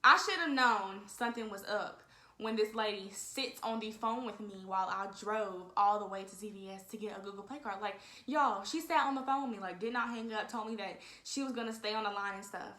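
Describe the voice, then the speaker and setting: A woman's voice: medium pitch, brisk, pushed and bright. A woman in her twenties telling a story casually and animatedly, talking straight to her viewers and often saying "y'all". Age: 20s. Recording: echoey room.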